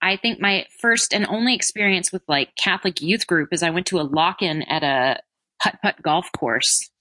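Woman guest, lowish bright voice, chatty and self-deprecating, close dry mic. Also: moderate pace, no room sound. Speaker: interview guest. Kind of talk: casual conversational interview.

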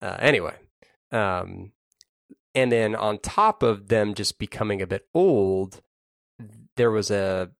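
Low, gravelly man, wry podcast co-host. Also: slow, pauses often, no room sound. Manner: dry, wry humor, stammering starts. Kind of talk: casual chat. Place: home. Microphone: laptop recording setup.

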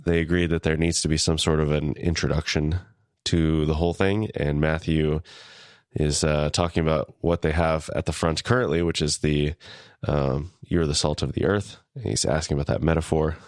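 A man co-hosting a podcast, calmly recapping an episode in casual chat. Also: very deep voice, normal speed, no echo, clean studio sound. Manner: calm, recaps the episode, laughs easily. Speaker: podcast co-host.

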